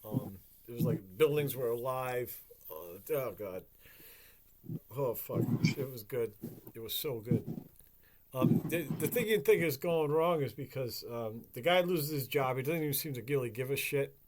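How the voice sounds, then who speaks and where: Male podcast host, casual, profane, animated storyteller, ordinary pitch. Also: moderate pace, very noisy. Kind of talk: casual chat.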